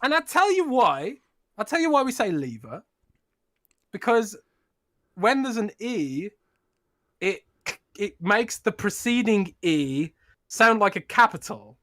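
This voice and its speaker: British male podcast co-host, playful banter, bright tone. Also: sits high, very animated, slow pace, long pauses, dry recording, studio quality. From United Kingdom. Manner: playful, teasing, laughs often. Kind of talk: casual podcast chat.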